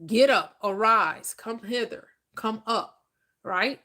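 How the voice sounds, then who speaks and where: A woman's voice: fairly high pitch, slow, pushed and bright. A woman teaching about manifestation in a preacher's style, emphatic and repetitive, asking questions and answering them herself. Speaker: spiritual teacher.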